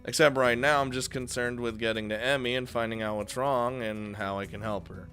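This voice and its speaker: A man reading a visual novel aloud with excitable, swearing commentary, often breaking off mid-sentence. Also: mid-range voice, brisk, faint music behind. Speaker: video game let's player.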